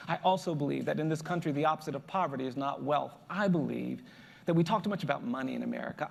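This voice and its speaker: A man's voice: fairly high pitch, creaky. A man, a lawyer, giving a motivational speech with emphatic, building repetition. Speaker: lawyer and public speaker. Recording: echoey hall reverb.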